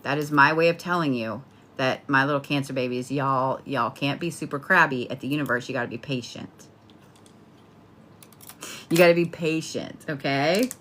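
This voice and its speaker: A woman's voice: a bass voice, normal speed, a bit bright, slight background noise. A woman giving a casual spoken horoscope reading, talking bluntly and playfully with plenty of swearing. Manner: blunt, profane, chatty, playful. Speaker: tarot and astrology reader.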